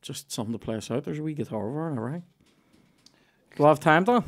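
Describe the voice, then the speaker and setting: A man's voice: on the high side, lively intonation, fast. A man hosting a comedy podcast, rambling and jokey, laughing often. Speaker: podcast host. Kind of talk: casual comedy chat.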